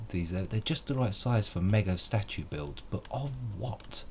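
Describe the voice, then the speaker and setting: A man's voice: on the low side, lively intonation, a little slow, hardly any pauses, dull audio, a little hiss or hum. A man giving rambling, self-mocking live commentary while playing a game, wordy and fond of old-fashioned flourishes. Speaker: game streamer.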